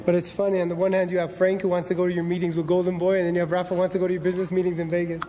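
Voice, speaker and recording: A man's voice: sits high, completely flat delivery, rapid-fire, dark tone. A man interviewing a friend in a casual chat, reacting with short comments.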